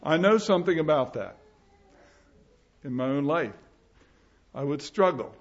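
A man preaching a sermon, earnest and emphatic, rising and falling in loudness for effect. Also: on the high side, expressive, a little slow, pauses often, highs cut off.

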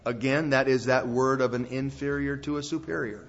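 A male pastor delivers a sermon to a church congregation, telling stories in a folksy, emphatic way. His voice is mid-range with a steady tone and a moderate pace. The recording is dull and lo-fi.

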